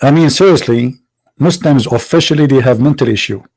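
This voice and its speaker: A man's voice: medium pitch, fairly quick, creaky, a little mellow, slightly rough, rough recording. A man hosting a religious debate show, mocking and confrontational, firing rhetorical questions in broken English. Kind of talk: combative religious debate monologue.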